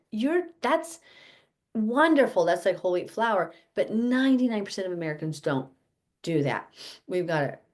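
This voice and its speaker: Speaking in a low-leaning, slightly mellow voice, a woman hosts an informal health lesson for her fellowship group. Her talk wanders in a chatty way, and she keeps fixing her own words mid-stream.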